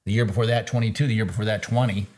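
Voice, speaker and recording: A man's voice: fairly low pitch, steady tone, rapid-fire, darkish tone. A man hosting a live market recap, talking casually, laughing easily and throwing in folksy sayings. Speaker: trader and show host.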